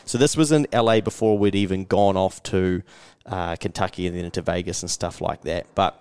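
A New Zealand man in casual podcast talk, retelling his travels and doing quick voices for the people he met. His voice sits a little low. The sound is dry and close, with no room echo. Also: steady tone, a little mellow, clear, resonant tone. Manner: storytelling, acting out quotes, frequent mate and fillers. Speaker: podcast host. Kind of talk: casual chat.

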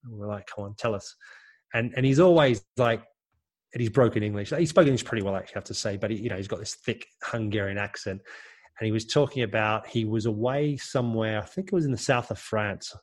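A man's voice: on the low side, quick pace. A former footballer recalling stories in casual chat, rambling and correcting himself as he goes. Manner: rambling, self-correcting anecdotes.

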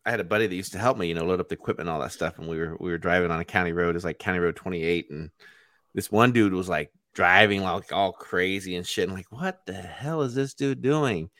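A man's voice: sits low, fairly even intonation, fast talker, fairly bright tone, no echo, clean studio sound. A man co-hosting a podcast, telling rambling, laid-back stories in casual chat. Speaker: podcast co-host.

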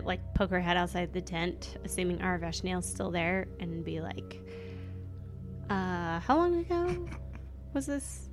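A woman plays in a tabletop role-playing session, describing her character's moves in a hesitant, giggly manner. She speaks slowly at a middle pitch, with faint music in the background. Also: fairly bright tone. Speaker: player. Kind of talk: tabletop game play.

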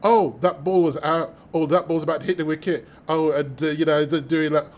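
A British man, a mathematician guest, telling stories with lively energy, acting out the voices of people he quotes and laughing as he goes. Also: a little high, fairly quick. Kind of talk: animated storytelling in conversation.

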